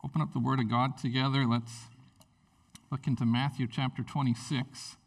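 A man preaching a conversational sermon, telling stories in a lively way. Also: medium pitch, normal speed, recorded from a distance. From Canada. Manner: conversational, animated storytelling. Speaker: pastor.

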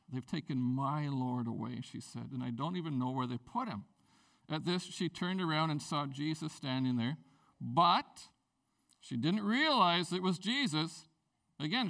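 A male pastor with a somewhat high, gravelly voice delivers a sermon in a casual, conversational way. He acts out the people in the story and moves from loud, lively bursts to soft, hushed passages.

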